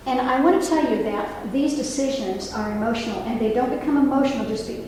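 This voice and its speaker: A fast-talking woman past sixty-five, a nurse with a fairly high voice, earnestly speaks to an audience in a library meeting room and turns to them with questions and asides. The mic is far off in an echoey hall, and background noise comes through.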